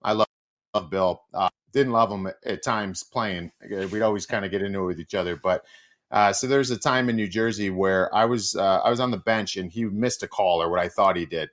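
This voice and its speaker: A middle-aged man, a former hockey player and guest, telling stories in casual chat and acting out quotes with big jumps in pitch. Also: a little fast, a bit bright.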